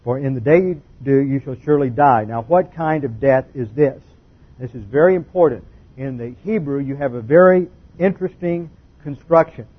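A man teaching a sermon-style Bible lecture, deliberate and emphatic, stressing key words. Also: a little high, husky. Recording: muffled lo-fi recording.

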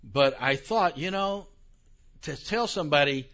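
A man's voice: medium pitch, normal speed, a bit bright. An older man giving a theology lecture to a live audience, conversational, with questions to the room and self-deprecating asides. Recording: dull lo-fi recording.

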